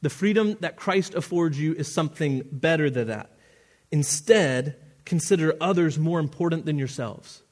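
A man's voice: fairly high pitch, normal speed, darkish tone. A man preaching a sermon as pastor, earnest and often restarting his phrases, with the odd chuckle at his own asides.

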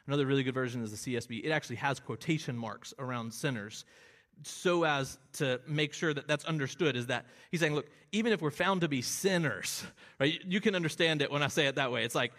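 A man's voice: medium pitch, fairly bright tone. A man preaching an expository sermon, earnest and explanatory, rising to emphatic bursts on key phrases. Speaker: pastor.

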